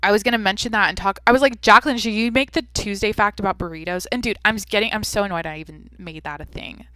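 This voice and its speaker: A woman's voice: mid-range voice, fast talker, fairly bright tone, clear, resonant tone, no echo. A young woman hosting her own podcast, rambling and venting in a casual, swearing, filler-heavy way. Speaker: podcast host. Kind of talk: casual solo podcast rant.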